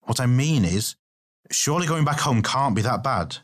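A man plays a practical male warrior in an audiobook, frank and slightly impatient. His voice is mid-pitched and plain-spoken. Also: lively intonation, moderate pace, natural voice. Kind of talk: audiobook character reading.

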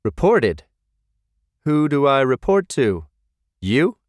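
A male narrator voicing a steady, earnest teenage boy leader in an audiobook. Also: mid-range voice, slow, no room sound, clean studio sound, pitched above the performer's own voice.

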